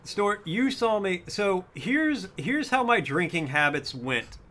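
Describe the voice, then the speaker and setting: A man's voice: high voice, very animated, slow pace, sharp tone, slight background noise. Chatty young man streaming a game. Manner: chatty, self-amused, thinks aloud. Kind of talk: casual let's-play chat.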